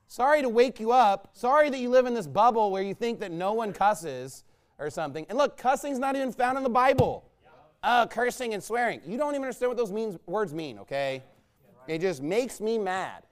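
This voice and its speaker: A man's voice: extremely high pitch, expressive, normal speed, clean tone. A male pastor preaching a fiery sermon in a combative, sarcastic way, mocking imagined critics.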